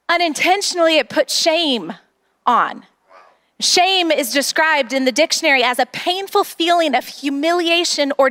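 A woman pastor with a very high voice delivers an earnest sermon. She speaks in a rallying tone to her congregation in a church. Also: a bit bright.

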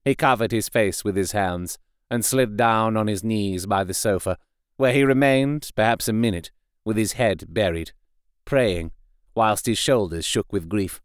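Male audiobook narrator, measured and expressive, smooth voice, dry close sound. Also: lowish voice, no room sound.

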